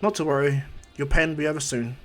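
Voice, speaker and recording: A man's voice: fairly high pitch, steady tone, fast, soft background music, lightly acted. A man voicing a cheerful, confident teenage boy superhero in a retold fan story. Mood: breezy.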